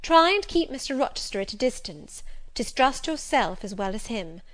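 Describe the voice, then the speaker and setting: A woman's voice: fairly high pitch, very animated, moderate pace. A woman voicing a cautious, worried older widowed housekeeper who warns and reproves in an audiobook reading.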